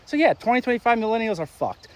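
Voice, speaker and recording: A young man delivering a crude, sarcastic comedic rant, exasperated and animated, with sudden loud spikes. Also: very high voice, fast. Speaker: ranting commentator.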